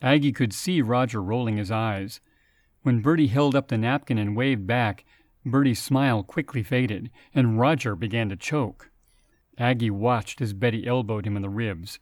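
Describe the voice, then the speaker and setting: A man's voice: medium pitch, normal speed, darkish tone, no room sound. Guy reading a story out, mid voice, dry close sound. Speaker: narrator. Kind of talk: scripted narration.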